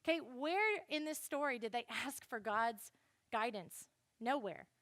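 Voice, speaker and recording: A young woman giving a classroom Bible lesson, animated and speaking straight to her listeners. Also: a little high, unhurried, no room sound, studio quality. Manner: animated, addresses listeners directly.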